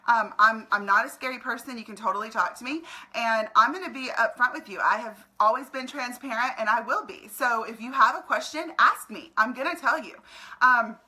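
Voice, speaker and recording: Bright-voiced woman giving an emotional pep talk. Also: fairly high pitch, brisk, poor audio. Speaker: network marketing recruiter. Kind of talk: motivational direct-to-camera talk. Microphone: camera in front of her.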